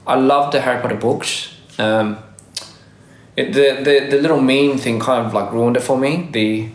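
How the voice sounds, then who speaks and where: A man's voice: mid-range voice, moderate pace, reverberant. A young man with a faded Australian accent, chatting casually on a livestream while reading comments and often correcting himself. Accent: Australian, worn down by years in Korea and America. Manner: rambling, self-correcting, laughs often. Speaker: livestream host. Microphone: phone livestream mic.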